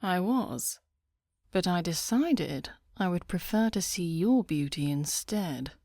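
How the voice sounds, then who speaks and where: A woman reading a rakish, arrogant young nobleman with a slow, lazy drawl in an audiobook. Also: lowish voice, lively intonation, dark tone, no room sound, clean studio sound, exaggerated voice.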